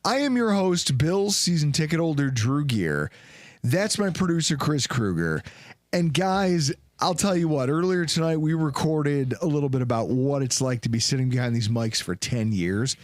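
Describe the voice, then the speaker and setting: A man hosting a casual sports podcast. His voice sits high and swings widely as he tells stories with big bursts of energy. The sound is dry and close. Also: normal speed, no room sound. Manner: animated, loud storytelling with big pitch swings. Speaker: podcast host.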